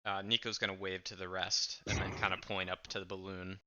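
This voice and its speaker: A man's voice: low voice, little pitch movement, brisk, few pauses, bright, forceful tone. A man playing a tabletop game, thinking aloud in a tentative, casual way. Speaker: player. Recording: dull lo-fi with faint music.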